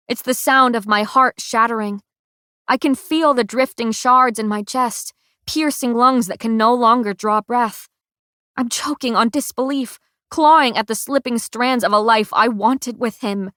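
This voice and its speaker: A woman reads a first-person audiobook in an unhurried, deliberate way, with feeling behind each line. Her voice sits at a middle pitch. The recording is close and dry, with no room sound. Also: fairly bright tone, no room sound. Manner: measured, emotional narration. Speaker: audiobook narrator.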